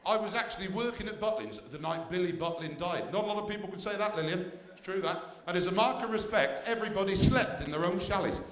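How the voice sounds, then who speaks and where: Male stand-up with a fairly high, bouncy voice, teasing the front row in a reverberant theatre. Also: fast talker, hardly any pauses, a bit bright. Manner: cheeky banter with the audience. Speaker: stand-up comedian. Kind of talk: stand-up comedy. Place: theatre stage. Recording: echoey theatre stage.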